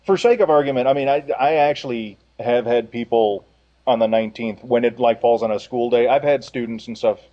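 A man's voice: mid-range voice, brisk. A man co-hosting a casual gaming podcast, telling stories in an easygoing way with chuckling asides. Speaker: podcast co-host. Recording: dull lo-fi recording.

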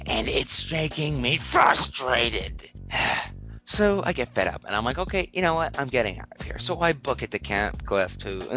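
A man's voice: mid-range voice, bright, forceful tone. A man hosting a podcast segment, telling a comic gaming story and acting out the characters in a self-mocking way.

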